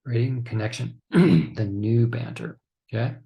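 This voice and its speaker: Gravelly low-voiced man teaching counselors. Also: fairly even intonation, a little slow, warm tone. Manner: instructive, frequent "okay?" check-ins; acts out couples' lines in quotes. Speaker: counseling trainer. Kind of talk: recorded training lecture.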